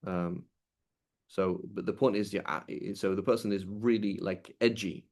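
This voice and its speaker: This teacher's voice is low and darkish, with fairly even intonation. In a conversational lesson on a classical legal text, he reads passages quickly and explains them with frequent restarts.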